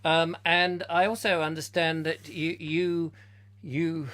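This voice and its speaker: A man's voice: on the high side, level tone, slow pace, fairly bright tone. A man hosting a comic live chat show, rambling and silly in his banter. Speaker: host.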